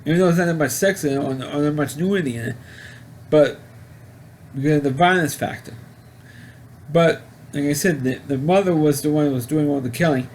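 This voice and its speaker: A man giving a casual spoken movie review, rambling and halting with frequent restarts. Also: on the high side, a little mellow, a little hiss or hum. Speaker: film reviewer.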